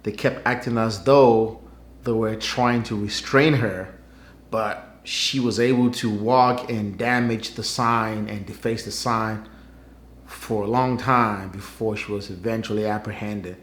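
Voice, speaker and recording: In an echoey room, a man runs his own news commentary vlog, sounding wry and skeptical as he talks conversationally. His voice is lowish and fairly even in intonation, and he speaks a little slowly.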